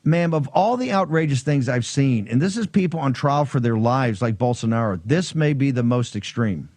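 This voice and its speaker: A man's voice: medium pitch, animated, moderate pace, a little mellow, no room sound. A man hosting a political talk show, emphatic and combative.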